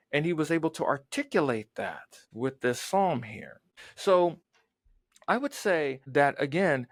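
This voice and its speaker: A man's voice: a little high, no room sound. A man hosting a podcast, commenting earnestly and reading scripture aloud, often repeating words as he thinks. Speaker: podcast host.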